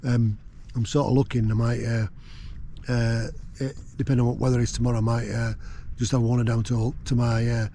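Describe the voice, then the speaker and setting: A man's voice: medium pitch, flat delivery, fairly quick, creaky, warm tone, slight background noise. A man chatting casually from his tent while wild camping, rambling with lots of fillers. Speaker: vlogger. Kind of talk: casual outdoor chat. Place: tent on a windy hill.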